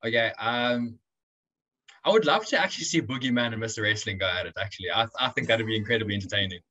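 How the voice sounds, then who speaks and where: A young man being interviewed as a guest, talking in a relaxed, rambling way with lots of restarts. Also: mid-range voice, fast, rough recording. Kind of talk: casual interview chat.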